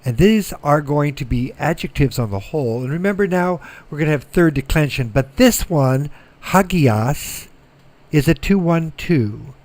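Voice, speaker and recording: A middle-aged man giving a recorded lecture, slow and methodical, repeating words so students can follow. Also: a little high, lively intonation, darkish tone. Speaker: Greek teacher.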